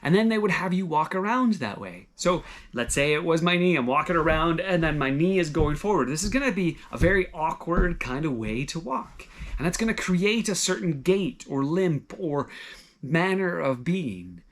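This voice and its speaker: A man preaching a sermon, conversational and gently encouraging, full of everyday examples. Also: on the high side, lively intonation, moderate pace. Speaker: pastor.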